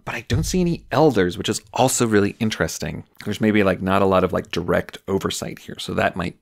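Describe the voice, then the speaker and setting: A man's voice: deep voice, vocal fry. A man running a solo tabletop game, musing aloud with loose, filler-heavy narration. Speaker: game master.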